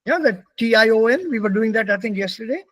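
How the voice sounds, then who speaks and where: A man's voice: high voice, lively intonation, fast, a bit bright, no room sound, poor audio. A man from India with an Indian English accent, teaching a German pronunciation class and patiently repeating words for his students.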